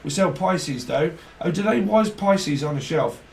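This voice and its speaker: Brief: prim fish-market shopper, put on by a man, high and prissy, in an echoey room, a step back from the mic. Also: expressive, normal speed, gravelly, recorded from a distance, a little hiss or hum. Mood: mock-polite. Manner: prim, mock-polite, high-pitched. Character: posh shop customer and fishmonger banter.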